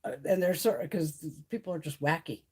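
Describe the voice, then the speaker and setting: This beauty livestream host talks with her audience in a relaxed way from a mountain home, cursing openly, speaking bluntly and laughing a lot. She has a lowish, brisk voice that is a bit mellow and slightly rough.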